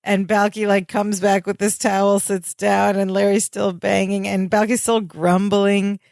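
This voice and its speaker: A woman's voice: mid-range voice, level tone, unhurried, creaky, darkish tone, no room sound, studio quality. A woman co-hosting a podcast, casually retelling sitcom scenes step by step. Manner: chatty, narrates scenes step by step. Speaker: podcast co-host. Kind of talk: casual chat recapping a sitcom episode.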